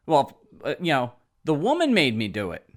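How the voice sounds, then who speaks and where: A man's voice: mid-range voice, huge pitch swings, moderate pace. A man voicing a sheepish man who hesitantly shifts the blame for his wrongdoing. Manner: hesitant, excuse-making.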